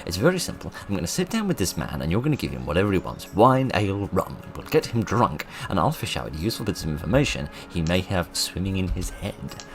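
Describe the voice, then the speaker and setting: A cunning townsman in a pirate adventure game lays out his scheme, voiced by a man. His voice sits deep and sounds quiet. The delivery is sly and matter-of-fact. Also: big pitch swings, a little fast, hardly any pauses. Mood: scheming. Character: cunning male schemer planning to get someone drunk.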